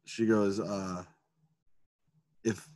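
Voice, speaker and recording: A man in his thirties co-hosting a podcast, telling a story about his kids and acting out quotes with sudden shouts. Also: on the low side, flat delivery, extremely slow, no echo. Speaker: podcast co-host. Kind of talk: casual storytelling.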